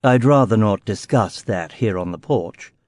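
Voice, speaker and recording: A man's voice: lowish voice, expressive, a little slow, darkish tone, dry recording. Man doing a courteous Home Counties gent in his sixties. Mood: polite insistence. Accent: Home Counties English. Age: 60s. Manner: formal, clipped politeness. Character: polished older Englishman, courteous and guarded. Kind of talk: audiobook character voice.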